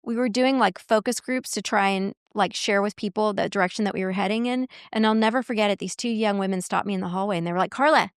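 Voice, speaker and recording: A woman guest in a podcast interview, telling workplace stories in an animated way and acting out quoted dialogue. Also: mid-range voice, quick pace, few pauses, smooth, no room sound, clean studio sound. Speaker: guest, marketing executive and coach.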